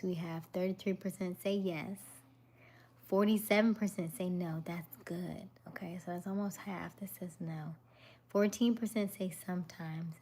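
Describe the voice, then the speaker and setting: A woman hosting a casual evening livestream, greeting viewers by name and chatting about relationships in a soft, often half-whispered voice. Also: fairly low pitch. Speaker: livestream host. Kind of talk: casual live chat reading viewer comments.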